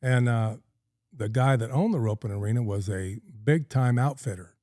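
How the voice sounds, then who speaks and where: A man's voice: mid-range voice, moderate pace, warm tone, no echo, clean studio sound. A middle-aged man from California, a podcast guest telling a long story in a folksy, rambling way with plenty of ums and uhs. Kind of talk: casual storytelling in a podcast interview.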